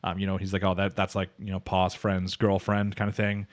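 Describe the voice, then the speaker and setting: Man, podcast co-host, rapid casual rambling, dry close sound. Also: low-pitched, completely flat delivery, no echo. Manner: rambling, lots of fillers, acts out characters' lines. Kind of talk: casual anime recap chat.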